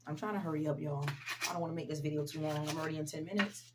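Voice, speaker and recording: A woman's voice: deep voice, racing, very noisy. A woman giving a casual motivational talk to her viewers, speaking directly to them and repeating key sayings for emphasis. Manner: conversational, addresses viewers directly, frequent "you know". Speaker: motivational vlogger.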